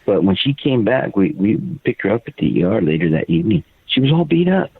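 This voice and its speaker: Over a phone line, an older man who is a guest and a father recounts a personal story haltingly, repeating and tripping over his words. His voice is fairly low, sing-song, and slightly rough.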